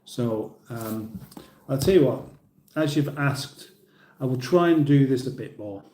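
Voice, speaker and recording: Middle-aged British male streamer, casual rambling banter, mellow voice, echoey room. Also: medium pitch, a little slow, a little hiss or hum. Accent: British English. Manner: chatty, rambling, laughs at his own jokes. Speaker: livestream host. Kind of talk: casual livestream chat reading comments.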